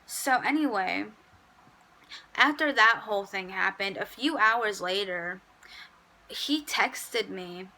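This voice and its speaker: A woman's voice: mid-range voice, animated, takes it slowly, long pauses, sharp tone, rough recording. A young adult woman in a casual storytime, telling a petty workplace story in a chatty, sassy way. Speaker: vlogger.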